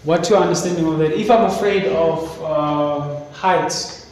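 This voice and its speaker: A man's voice: fairly high pitch, a little slow, darkish tone. A man teaching a literature class. He reads passages aloud and then questions his students. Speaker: English teacher. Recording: echoey classroom, faint hiss.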